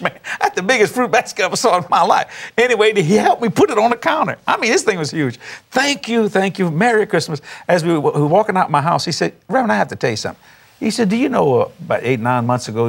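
A man, a pastor telling a testimony story with animated, laughing preacher emphasis. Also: high voice, gravelly, slightly rough. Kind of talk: storytelling testimony on a talk show.

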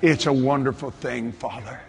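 Preacher in a big echoing hall. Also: male voice, medium pitch, normal speed, creaky. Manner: swings from hushed to exuberant shouting. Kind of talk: sermon. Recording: reverberant hall, faint ambience.

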